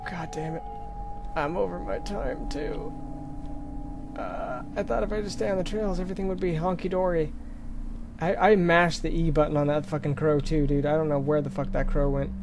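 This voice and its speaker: A man's voice: fairly high pitch, normal speed, noisy background. A man commentating a horror game, jittery and swearing, often dropping to scared whispers. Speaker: let's play gamer.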